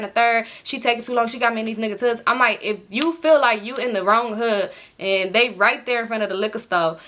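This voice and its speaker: A young woman tells a long storytime to her viewers in loose, slangy chat. She talks fast and bright, and her fairly high voice leaps higher whenever she mimics someone. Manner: animated retelling, acts out quotes with pitch jumps; heavy slang and filler, fast rambling. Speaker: storytime vlogger. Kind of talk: casual storytelling.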